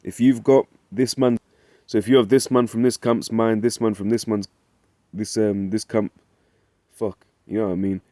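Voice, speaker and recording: A man with a fairly low, dark voice speaks at a moderate pace in a steady tone on a dry recording. He's a Bible teacher leading a casual study, conversational and fond of asking "right?", reading scripture aloud in old-fashioned wording.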